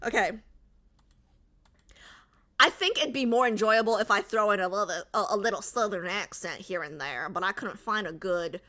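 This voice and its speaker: A woman's voice: mid-range voice, normal speed, sharp tone. A woman streamer in casual livestream chat, joking and reading out and answering her chat. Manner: chatty, jokey, reads and answers chat aloud.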